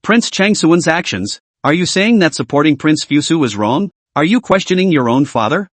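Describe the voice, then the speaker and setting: A man's voice: a little high, animated, normal speed, dry recording. A man voicing a scheming, malicious scholar who speaks sternly and defensively.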